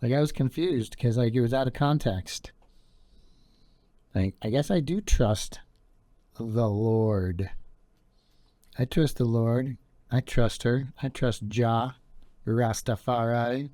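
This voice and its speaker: A man's voice: mid-range voice, takes it slowly, long pauses, mellow, no echo. A young man hosting a podcast, talking in a meandering, laid-back monologue full of fillers. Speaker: podcast host. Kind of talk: rambling casual monologue.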